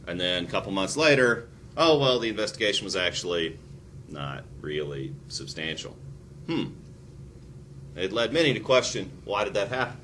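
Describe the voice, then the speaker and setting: Animated, wry male history lecturer. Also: a little fast, a little hiss or hum. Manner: animated, acts out quotes with big pitch jumps; wry, sarcastic asides. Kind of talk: recorded college lecture.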